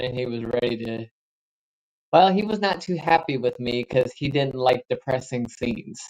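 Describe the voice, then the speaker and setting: A man's voice: medium pitch, low-quality recording. A man co-hosting a livestream, chatting casually while gaming and telling rambling anecdotes with cautious recommendations. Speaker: livestream co-host.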